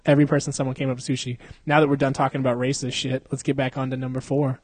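A young man co-hosting a podcast tells stories in a casual, profane, animated way, laughing often. His mid-range voice moves very fast and sounds slightly rough, with no room sound in the recording.

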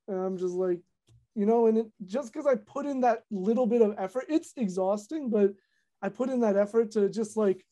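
A young woman, a content creator, chatting casually on a podcast, talking fast with lots of fillers and animated retellings. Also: medium pitch.

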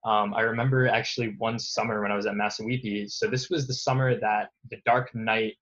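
A man's voice: on the low side, level tone, fairly quick, a bit bright, highs cut off. A young man casually recalling his school days in an interview, rambling and self-deprecating, often laughing at himself. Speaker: guest.

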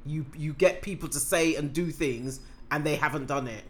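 A woman's voice: sits low, moderate pace. A woman co-hosting a podcast, explaining things in a dry, patient way. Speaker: podcast co-host. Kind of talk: casual chat.

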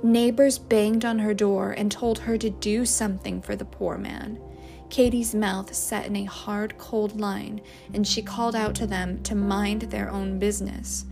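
A woman narrating a novel chapter in a measured, unhurried reading. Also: mid-range voice, level tone, gravelly, a little mellow, faint music behind. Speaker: audiobook narrator. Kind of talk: scripted storybook narration.

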